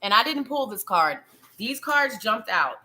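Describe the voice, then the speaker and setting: A woman's voice: a little high, big pitch swings, measured pace, sharp tone, poor audio. A woman hosting a live psychic show, giving tarot readings in a chatty, playful way, talking straight to the viewer and laughing often.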